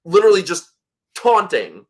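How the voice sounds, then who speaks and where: A man hosting a casual livestream chat, telling a story in an animated way and swearing freely. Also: sits high, moderate pace. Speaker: host.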